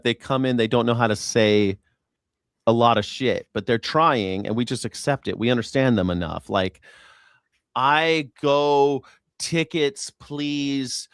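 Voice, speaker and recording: A man's voice: mid-range voice, smooth, no echo, studio quality. A man hosting a casual live-stream chat, swearing freely and joking in mock accents. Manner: profane, jokey, mimics accents. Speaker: show host.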